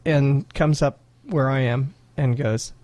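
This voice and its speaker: A man who is a pastor, chatting casually on a podcast, earnest and laughing often, with halting restarts. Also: mid-range voice, steady tone, a little mellow.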